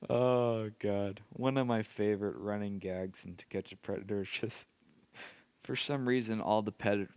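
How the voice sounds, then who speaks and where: A man's voice: on the low side, no echo. A tired man hosting a casual solo podcast late at night, rambling and often laughing to himself. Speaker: podcast host.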